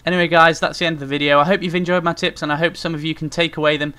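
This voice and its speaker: A man's voice: on the high side, flat delivery, very fast, bright, forceful tone, clear, resonant tone. A young man giving casual, rambling tips on gaming commentary, with frequent fillers, as a YouTuber talking to his viewers. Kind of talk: casual spoken tutorial.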